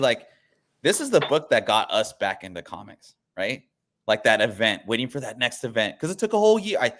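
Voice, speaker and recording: A man's voice: medium pitch, a bit bright. A man hosting a comic book show, chatting casually with lots of fillers and restarts. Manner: rambling, frequent filler words and restarts. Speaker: comic book channel host. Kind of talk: casual chat.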